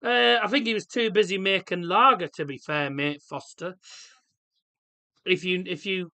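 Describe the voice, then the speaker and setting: Casting note: man, fairly high and bright-toned, rambling livestream host with jokes and loud reactions to play. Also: normal speed. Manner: chatty, rambling, jokey, reacts loudly to play. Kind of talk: casual match watchalong chat.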